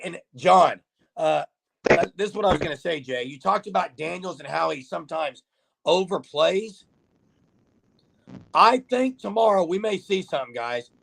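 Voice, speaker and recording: Fairly high-pitched and creaky, a man runs a casual sports livestream. He reads viewer comments, jokes around with callers, and keeps a chatty tone aimed right at the people watching.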